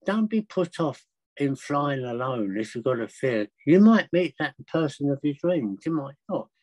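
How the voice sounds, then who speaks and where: An older man telling travel stories as a podcast guest, chatty and excitable, with frequent laughs. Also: mid-range voice, moderate pace, dry recording, poor audio. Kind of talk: anecdotal storytelling.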